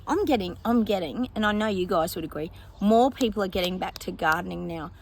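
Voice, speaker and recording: A woman's voice: medium pitch, lively intonation, a little fast, slight background noise. Rambling chatty woman psychic. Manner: rambling, chatty, thinks aloud with many fillers; laughs often. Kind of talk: casual predictions monologue to viewers.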